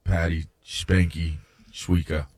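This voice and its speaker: A man's voice: low-pitched, little pitch movement, slow pace, darkish tone, breathy edge. A man co-hosting a sports radio show, bantering playfully, teasing and laughing often. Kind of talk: casual banter.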